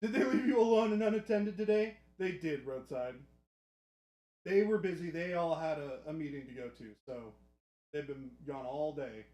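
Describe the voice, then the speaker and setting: A man with a fairly high voice chats through a live stream, easy and joking with his viewers. His voice rings in an echoey room. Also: normal speed, warm tone. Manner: chatty and joking with chat. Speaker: livestream host. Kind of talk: casual live-stream chat. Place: hobby studio.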